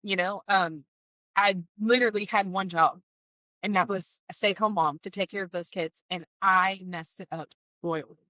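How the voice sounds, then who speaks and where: A woman tells her life story in an interview, candid and heartfelt, slipping in wry asides. Her voice is bright and clear. The recording is close and dry, with no room sound. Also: mid-range voice, fairly even intonation, normal speed, no room sound, poor audio. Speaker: guest sharing a personal testimony. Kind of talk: emotional personal storytelling.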